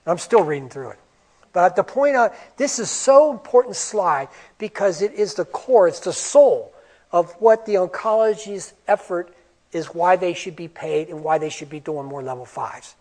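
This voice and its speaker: A man giving a conference presentation on medical coding, animated and emphatic, with rhetorical questions. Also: high-pitched, normal speed. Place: conference room.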